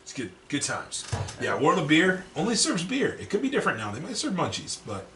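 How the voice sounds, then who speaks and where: Lively guy swearing thru a story, bright voice, roomy echo, a bit off mic. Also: fairly high pitch, fast talker, recorded from a distance, a little hiss or hum. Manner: animated, profane, laughs often, acts out quotes. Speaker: podcast co-host. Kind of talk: casual storytelling chat.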